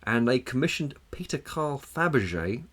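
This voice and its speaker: A man's voice: medium pitch, big pitch swings, moderate pace, a bit bright, slightly rough. Chatty, swearing man podcaster. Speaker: podcast co-host. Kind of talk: casual banter.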